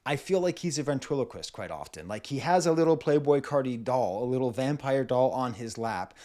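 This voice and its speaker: Animated man breaking down a rapper's voices. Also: mid-range voice, brisk. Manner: playful, demonstrates vocal styles, laughs often. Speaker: music reviewer. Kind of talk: casual music analysis.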